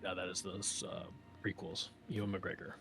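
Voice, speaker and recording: Lowish male co-caster for a tabletop match, relaxed, quick short remarks; faint music underneath. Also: gravelly. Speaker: co-commentator. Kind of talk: casual stream commentary.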